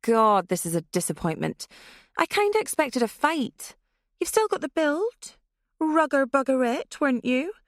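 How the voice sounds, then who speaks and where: A woman puts on a cold young female killer who taunts her victim in a low, slow, menacing murmur. The voice has a gravelly edge and sits close and dry. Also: no echo. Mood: taunting.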